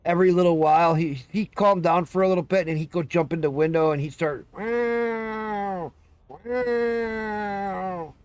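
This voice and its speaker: Guy on a stream rambling about his cat, a bit high-pitched, cusses a lot, meows sometimes. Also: steady tone, fast talker, hardly any pauses, no room sound. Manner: rambling, swears freely, breaks into cat and dog impressions. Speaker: live streamer. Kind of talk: casual chat.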